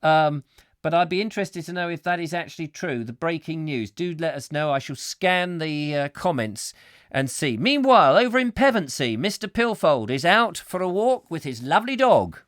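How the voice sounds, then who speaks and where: A man hosting a ranty live chat show, rambling from one comment to the next with jokey asides and rhetorical questions. His voice is slightly high and swoops around a lot. It sounds dry and close, with no room around it. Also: very animated, normal speed, a bit bright, no room sound. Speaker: host.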